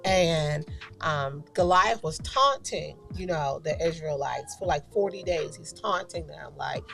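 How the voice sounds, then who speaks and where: A woman's voice: deep voice, a little slow, vocal fry, over music. A woman co-hosting a talk show, sharing a faith message in a chatty way, full of "you know" and "like". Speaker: co-host giving a faith segment. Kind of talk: casual devotional talk.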